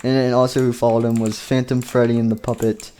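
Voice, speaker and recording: A man's voice: mid-range voice, little pitch movement, fast, dark tone, slight background noise. Rambling man telling a game-animation story. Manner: rambling, lots of fillers, laughs at own story. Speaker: channel creator narrating a game-animation story. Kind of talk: casual improvised storytelling.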